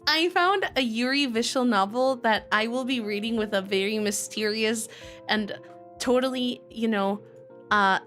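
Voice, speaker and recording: A woman live-streamer with a high, bright voice chats loosely with her viewers. She rambles, laughs often and greets people in chat by name. Faint music plays behind her. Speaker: streamer and voice actor.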